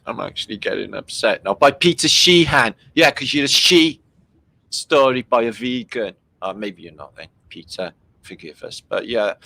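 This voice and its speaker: A man's voice: mid-range voice, lively intonation, moderate pace, creaky, pushed and bright, poor audio. A man hosting a livestream, making sarcastic jokes and slipping into silly voices. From Britain. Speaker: livestream host. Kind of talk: casual mocking commentary.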